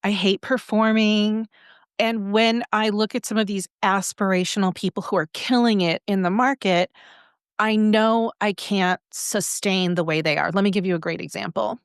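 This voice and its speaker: A middle-aged woman who coaches on brand voice, talking in a lively, conversational way as a podcast guest. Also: medium pitch, moderate pace, clean tone, no echo, studio quality. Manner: animated, acts out examples in shifting voices.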